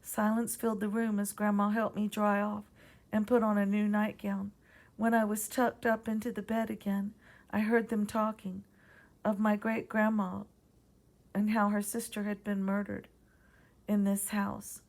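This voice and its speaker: A woman with a Southern accent reading her own ghost story aloud in a quiet, measured way. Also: mid-range voice, little pitch movement.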